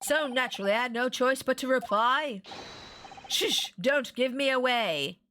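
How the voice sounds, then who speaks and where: A woman's voice: high voice, measured pace, pushed and bright, a little hiss or hum. A woman voicing a pompous, eccentric male detective in a video game, speaking in a theatrical, grandiose way.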